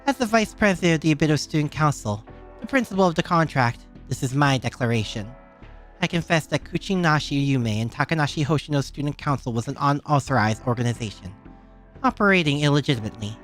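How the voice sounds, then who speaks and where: A streamer voicing a calm, resolute schoolgirl student council vice president in a low, solemn declaring tone. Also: quick pace, faint music behind, lightly acted.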